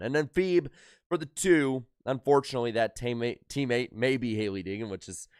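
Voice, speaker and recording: A man of middle pitch recapping a race in a relaxed, chatty way, his voice a little worn and scattered with "uh"s. The sound is smooth and resonant, recorded close and dry with no room around it. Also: no echo. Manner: rapid rundown of results with filler "uh"s. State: slightly worn voice after a concert. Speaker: racing podcast host.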